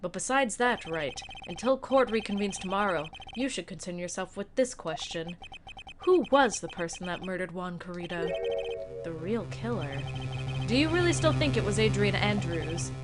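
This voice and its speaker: A woman's voice: medium pitch, expressive, moderate pace, close to an everyday voice. A woman voicing a cool, condescending young male prosecutor in a courtroom video game, over game music. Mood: cold. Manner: cold and condescending.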